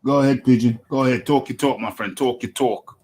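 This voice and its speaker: A man's voice: medium pitch, brisk, darkish tone. A man hosting a live boxing talk stream, chatty as he reads out the names of viewers. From United Kingdom. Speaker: host.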